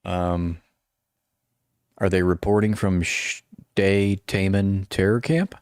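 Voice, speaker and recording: A man with a fairly low voice hosts a live stream, reading articles aloud and breaking off into mocking, sarcastic asides. His voice sounds close and dry, with no room echo. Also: slow, a little mellow. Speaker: political commentary streamer.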